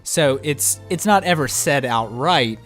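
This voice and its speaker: A man at mid pitch talks casually while he plays a video game, cursing freely and laughing between thoughts. His talk is loose and unhurried. Faint game music plays beneath his voice. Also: lively intonation, fairly bright tone. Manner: laid-back, swears freely, laughs often. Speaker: let's play co-host. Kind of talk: casual gameplay chat.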